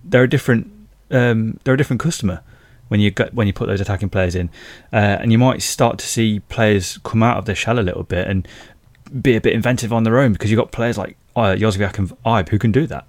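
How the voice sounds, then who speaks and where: Male pundit, low voice, casual, full of ums and restarts, dry recording. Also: fast, darkish tone, dry recording. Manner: conversational, with frequent fillers and restarts. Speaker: football pundit. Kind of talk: casual football podcast chat.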